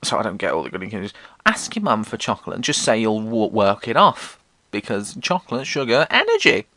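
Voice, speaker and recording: Lively young man, dry close sound. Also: fairly quick, no room sound. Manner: swearing, self-mocking, acts out quoted voices in squeaky tones. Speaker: podcast host. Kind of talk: casual comic storytelling monologue.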